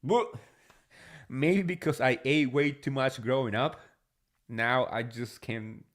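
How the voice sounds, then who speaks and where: Male host, unhurried and chatty, spilling reality TV tea to his audience. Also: mid-range voice. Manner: chatty, gushing, addresses viewers directly. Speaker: podcast host. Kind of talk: casual reality TV gossip recap.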